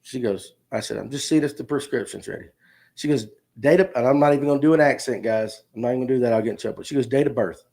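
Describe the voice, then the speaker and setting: A man's voice: medium pitch, rapid-fire, gravelly, a little mellow. A man, hosting a livestream and telling a rambling, jokey story straight to his viewers. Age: 50s. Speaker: podcast host.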